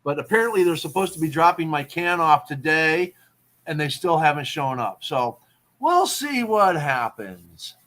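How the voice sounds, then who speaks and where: A man's voice: fairly high pitch, big pitch swings, normal speed, a bit bright. A man hosting a casual talk show, explaining poetry terms and checking in with "okay?" as he goes. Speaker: podcast host.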